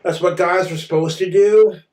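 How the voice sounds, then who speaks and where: A man's voice: high voice, fairly even intonation, moderate pace, darkish tone. A man streaming, ranting bitterly and with exasperation. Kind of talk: angry rant on a stream. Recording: echoey room, far from mic.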